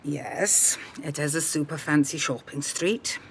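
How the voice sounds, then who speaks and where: A woman narrator voicing a charming young man with a British accent, speaking quietly and low-key. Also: unhurried, breathy edge.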